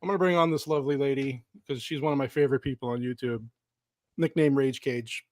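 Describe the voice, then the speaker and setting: A man's voice: mid-range voice, steady tone, quick pace, a little mellow, dry recording. A man hosting a casual movie podcast, joking and laughing often with his guests. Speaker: podcast host. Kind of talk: casual chat.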